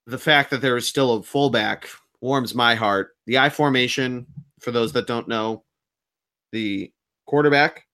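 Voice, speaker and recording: A man's voice: mid-range voice, sharp tone. A man co-hosting a sports podcast, talking in a nervous, rambling, self-deprecating way. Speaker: podcast co-host. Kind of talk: casual sports podcast chat.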